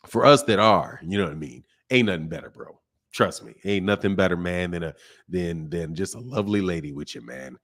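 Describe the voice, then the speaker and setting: A middle-aged man hosting a boxing live stream, chatting casually with viewers while he keeps his slightly strained voice soft. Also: lowish voice. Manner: greets chat viewers by name, loose and joking. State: slightly strained voice, speaking softly. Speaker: boxing channel host.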